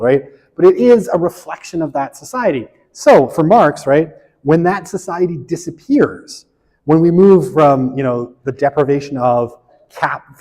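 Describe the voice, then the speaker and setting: A man's voice: on the high side, warm tone, long reverb tail, rough recording. A man giving a casual university sociology lecture, chatty and self-deprecating, often checking in with "right?". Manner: chatty, frequent "right?" tag questions, self-deprecating asides.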